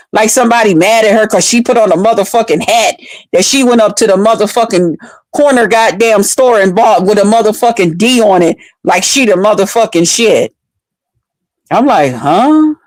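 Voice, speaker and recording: Woman streamer, high-ish voice, close dry mic; mocking, profane, heated rant. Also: no room sound. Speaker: live streamer. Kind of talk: profane ranting live stream.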